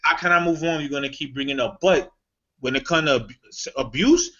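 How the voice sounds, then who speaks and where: A man's voice: a little high, fairly quick, bright, forceful tone, lo-fi sound. A man co-hosting a podcast, talking about sports in a blunt, reflective way with bursts of joking. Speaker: podcast co-host. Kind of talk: casual sports chat.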